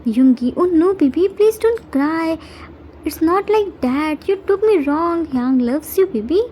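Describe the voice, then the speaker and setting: A woman lowers her voice to play a grumpy, half-asleep young man in a storybook reading. He grumbles drowsily and then coaxes fondly, with a mellow, soft-edged tone. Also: animated, measured pace, slight background noise. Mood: sleepy gruff. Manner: gruff and drowsy, then coaxing. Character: sleepy grumpy young man, doting older brother figure.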